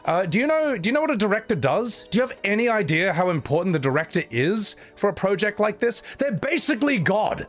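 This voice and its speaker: A man's voice: sits high, brisk, hardly any pauses. A man chatting casually on a live stream, reading out viewer messages and answering them with sarcastic, swearing rants. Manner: animated, sarcastic, swears, says "man" a lot. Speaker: streamer reading super chats.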